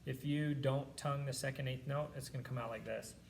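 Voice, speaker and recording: A man's voice: medium pitch, steady tone, fairly quick, creaky, a little hiss or hum. A man teaching a band practice lesson, patiently explaining and counting and singing rhythms aloud to demonstrate. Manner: patient, encouraging instruction.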